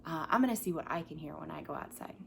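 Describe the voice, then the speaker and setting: Expressive pre-K teacher reading aloud. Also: female voice, low voice, fast talker, creaky, noisy background. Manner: expressive, acts out animal sounds and invites children to join in; drops to a whisper at quiet moments. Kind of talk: picture book read-aloud for young children. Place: her home, by a coffee table.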